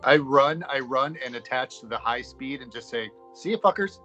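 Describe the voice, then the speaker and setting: A man's voice: medium pitch, steady tone, normal speed, sharp tone, soft background music, low-quality recording. A man playing a tabletop game, joking and trading crude banter. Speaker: player.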